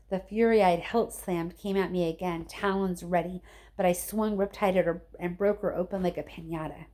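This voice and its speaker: A woman teacher reading a chapter of a novel aloud to her students, expressive and chatty with her listeners. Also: on the low side, normal speed.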